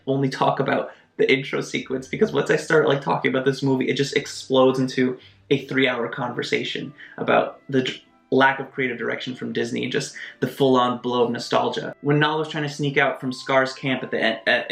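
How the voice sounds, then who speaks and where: A man giving a casual video essay review of a film, animated, with quick asides and mock voices. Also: mid-range voice, vocal fry. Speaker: movie reviewer. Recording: roomy echo, faint music behind.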